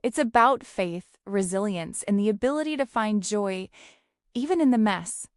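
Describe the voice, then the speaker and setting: A woman's voice: mid-range voice, lively intonation, moderate pace, clear, resonant tone, no echo. Playful woman narrator, dry sound. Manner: playful, teasing. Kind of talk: scripted humorous narration.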